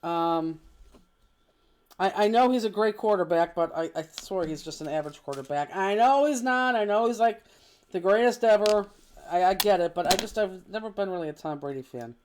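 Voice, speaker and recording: A woman's voice: medium pitch, animated, normal speed, a little mellow, slight background noise. A woman teaching a live online craft class, chatting casually and teasing her co-host, with frequent ums and restarts.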